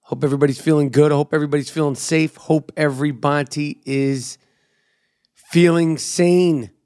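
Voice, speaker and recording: A man's voice: a little high, fairly even intonation, moderate pace, darkish tone, clear, resonant tone, no echo, clean studio sound. A middle-aged man with a New York accent, hosting his own podcast in a brash, profane, riffing monologue. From New York City. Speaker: podcast host and comedian.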